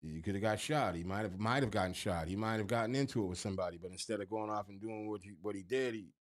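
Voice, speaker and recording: A man's voice: lowish voice, fast talker. A man co-hosting a podcast, talking casually with an emphatic, profane, preachy manner. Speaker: podcast co-host.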